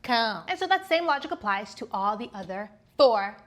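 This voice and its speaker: Playful, lively woman guitar teacher. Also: on the high side, normal speed. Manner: playful, chatty, explains step by step. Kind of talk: casual video lesson.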